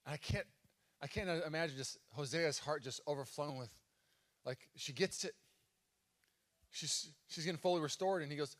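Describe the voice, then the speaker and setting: A man's voice: fairly high pitch, moderate pace, pauses often, a bit bright. A man preaching a sermon as pastor at a live church service, telling a story in a casual way with fillers.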